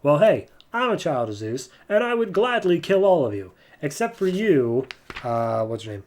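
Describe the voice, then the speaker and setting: A man's voice: fairly high pitch, very animated, moderate pace, a little mellow, a little hiss or hum. A man playing a brash spiteful war god. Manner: brash, dismissive.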